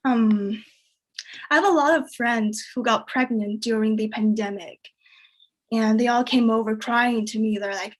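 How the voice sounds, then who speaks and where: Deadpan woman doing stand-up, higher voice. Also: measured pace. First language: Chinese. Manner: deadpan delivery, jumps high for quoted voices. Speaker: stand-up comedian. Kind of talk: stand-up comedy set.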